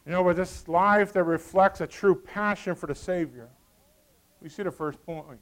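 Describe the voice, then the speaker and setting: A man preaching a sermon, shifting from a soft murmured prayer to dramatic, emphatic exclamations. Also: high voice, unhurried, clean tone, low-quality recording. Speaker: pastor.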